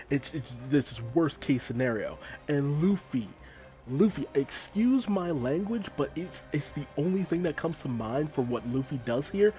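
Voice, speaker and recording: Casual male manga reviewer, warm, dark tone, loose delivery, light music underneath. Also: mid-range voice, unhurried. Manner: animated, laughing, loose and profane. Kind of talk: casual commentary recap.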